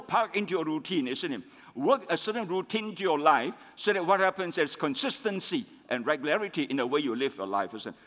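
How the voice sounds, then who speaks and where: A male pastor with a fairly high voice delivers a sermon. He calls the congregation friends, repeats his key points and keeps tagging lines with "isn't it?". His voice rings out with a long reverb from the church hall. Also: a bit bright.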